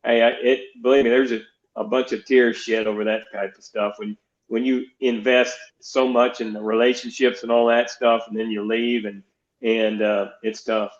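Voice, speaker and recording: A man's voice: medium pitch, level tone, normal speed. Older man rambling through coaching stories. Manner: rambling, many restarts, quotes others in dialogue. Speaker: guest, baseball pitching coach. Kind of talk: storytelling interview. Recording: roomy, dull lo-fi sound.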